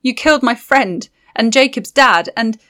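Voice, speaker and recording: A woman voicing a frightened but defiant young woman in an audiobook, her voice high and strained. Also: expressive, normal speed, fairly bright tone. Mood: pleading. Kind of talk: audiobook character voice.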